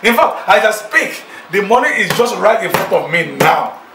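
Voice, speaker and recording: An actor playing a boastful, newly rich man who sweet-talks several girlfriends on the phone, excited and laughing. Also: sits high, moderate pace, echoey room, recorded from a distance, noisy background. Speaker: lead character in a film. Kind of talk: Nollywood film acting.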